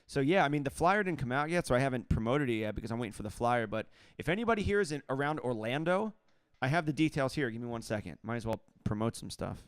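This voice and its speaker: A man's voice: medium pitch, fast talker, few pauses, clear, resonant tone, no echo, clean studio sound. Laid-back man chatting on a livestream. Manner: relaxed and joking, laughing often. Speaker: saxophonist hosting a livestream. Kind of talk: casual livestream chat answering viewer comments.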